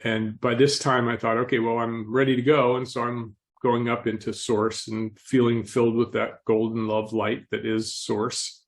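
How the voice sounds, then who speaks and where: Male interview guest, calm and reflective storyteller, clears his throat often, gently amused. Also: on the low side, measured pace, hardly any pauses. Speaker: podcast guest.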